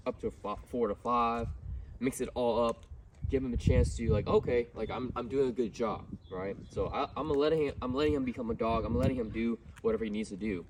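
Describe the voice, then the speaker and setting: A man who trains dogs, giving a casual lesson outdoors while working with a dog. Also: fairly quick. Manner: relaxed explaining, bursts of high-pitched praise to the dog. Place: outdoors in a neighborhood. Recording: distant mic, faint outdoor noise.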